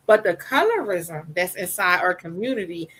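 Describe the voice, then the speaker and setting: Animated woman telling her own story. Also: fairly low pitch, moderate pace, breathy edge, poor audio. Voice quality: soft voice. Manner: animated, emphatic, slips into voices of others. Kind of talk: candid personal storytelling.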